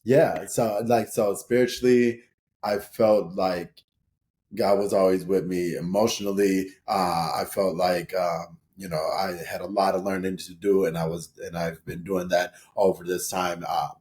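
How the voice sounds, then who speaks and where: Middle-aged man from St. Paul, low voice, loose and rambling storyteller, guest on a chat podcast. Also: flat delivery, unhurried, a little mellow. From St. Paul, Minnesota, USA. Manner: rambling, full of "you know" and restarts, laughs as he tells stories. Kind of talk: casual interview storytelling.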